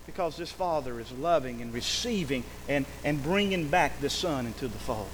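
A man's voice: mid-range voice, expressive, moderate pace, few pauses, a little hiss or hum, low-quality recording. Emphatic man preaching a sermon. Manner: emphatic, acts out quoted speech, calls for amens. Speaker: pastor.

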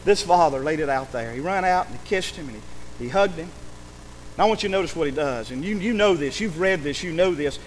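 A man's voice: a little high, expressive, fairly quick, a little hiss or hum, low-quality recording. A man, a pastor, preaching a sermon emphatically, acting out quoted speech and calling for amens.

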